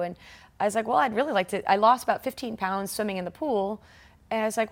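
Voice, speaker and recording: Woman, forties, interview guest; lively storyteller who acts out other people's lines. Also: medium pitch, fairly quick. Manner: animated, acts out quoted voices, laughs often. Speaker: guest, triathlete.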